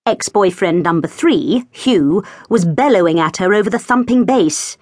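An expressive woman reading a novel aloud with a lively, rising and falling pitch. She is recorded close in a dry studio with no room sound. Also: moderate pace, no echo. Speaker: audiobook narrator. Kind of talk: scripted audiobook narration. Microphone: close studio mic.

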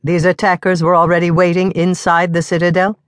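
A woman's voice: on the low side, level tone, a little fast, dry recording, studio quality, pitched above the performer's own voice, close to an everyday voice. A woman doing an anguished commanding male official. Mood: urgent, grim. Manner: urgent, rising in anguish. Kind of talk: audiobook character reading.

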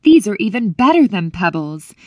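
A woman narrator reads as a cheerful young boy in a fairy tale. The voice stays light and close to her own, mid-pitched and dry. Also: big pitch swings, normal speed, slightly rough, dry recording, muffled recording. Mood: eager. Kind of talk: audiobook character voice.

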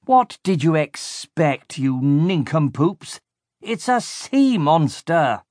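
A man voicing a cruel, bossy villainous baron who gloats slowly and bellows insults at his henchmen. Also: on the high side, sing-song, no room sound, clean studio sound, voice pushed up. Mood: angry. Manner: slow, gloating, shouts insults.

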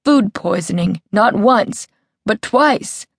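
A woman's voice: on the low side, steady tone, measured pace, gravelly, no room sound, studio quality. A woman voicing a whimpering melodramatic woman. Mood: aggrieved. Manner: aggrieved, histrionic, soft distressed tone.

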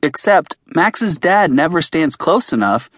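A man's voice: fairly high pitch, sing-song, unhurried, fairly bright tone, dry recording, studio quality. A man narrating an audiobook in the first person, in a plain, earnest storytelling manner.

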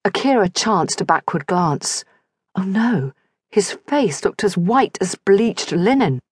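A woman's voice: medium pitch, expressive, slow pace, husky, no echo. A woman narrating a romance audiobook in vivid scripted storytelling on a close studio mic.

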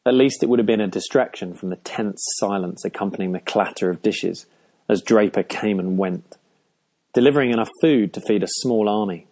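A man narrating a first-person audiobook in a measured, dry way. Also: on the low side, a little mellow.

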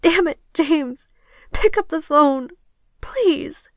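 A distraught young woman pleading down a phone line, her voice cracking and climbing high as a woman narrator acts her out. It is close, dry and pushed louder than plain narration. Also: lively intonation, slow, no echo, heavily acted. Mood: desperate.

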